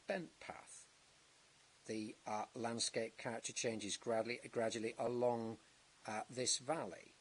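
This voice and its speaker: A man cross-examining a witness at a planning inquiry, measured and halting, with many restarts and tag questions. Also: mid-range voice, fairly bright tone, slight background noise. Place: public inquiry hearing.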